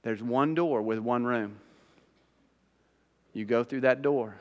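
Emphatic pastor in a reverberant sanctuary. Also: male voice, medium pitch, takes it slowly, dull audio. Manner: emphatic, conversational preaching with rising bursts. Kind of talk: sermon.

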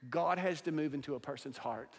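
A male pastor preaching a sermon to a congregation, swinging between loud declarations and hushed, intense asides. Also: a little high, brisk. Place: church sanctuary with a congregation. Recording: long hall reverb.

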